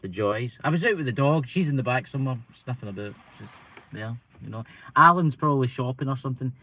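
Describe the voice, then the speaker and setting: A man's voice: mid-range voice, lively intonation, fast talker. A Scottish man chatting casually on a live stream, rambling and self-deprecating, a bit stuffy with hay fever. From Scotland. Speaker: paranormal channel live streamer. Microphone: computer mic. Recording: tinny phone-like sound, dry.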